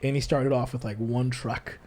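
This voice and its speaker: A man hosting a casual podcast, talking in a rambling way with many restarts and lively put-on voices, recorded in a church. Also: medium pitch, normal speed. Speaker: podcast host. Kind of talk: casual chat.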